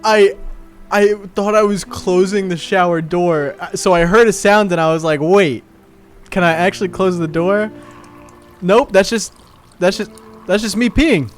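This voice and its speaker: A man streaming a game live, talking excitedly and jokingly, cooing in baby talk at times. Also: high voice, measured pace, soft background music. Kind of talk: live gaming commentary.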